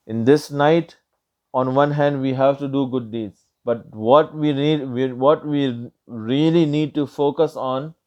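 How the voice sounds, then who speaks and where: A man's voice: mid-range voice, a little mellow, smooth. A man giving a Friday sermon in a mosque, impassioned, and he raises his voice sharply when he acts out quotes. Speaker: Friday preacher. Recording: dull lo-fi recording.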